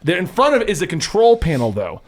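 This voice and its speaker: A man with a high, lively voice runs a tabletop game as game master. His narration swings up and down in pitch as he sets each scene. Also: fast talker.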